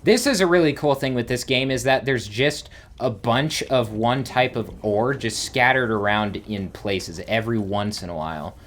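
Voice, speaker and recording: A man's voice: mid-range voice, moderate pace, hardly any pauses, fairly bright tone, slight background noise. A man hosting a let's play, giving rambling gameplay commentary and thinking aloud with small exclamations.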